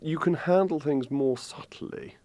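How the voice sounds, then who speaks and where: A man from England in his fifties, a guest talking politics in a measured way, hesitating with ums. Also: on the high side, mellow, no room sound, muffled recording. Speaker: guest commentator. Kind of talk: political discussion.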